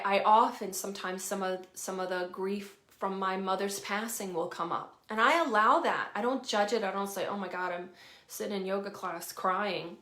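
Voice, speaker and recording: A woman's voice: medium pitch, fairly bright tone. Candid Southern woman in an echoey room. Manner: candid and informal, swears freely, laughs easily. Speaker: healing coach. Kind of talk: casual talk to camera. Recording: roomy echo.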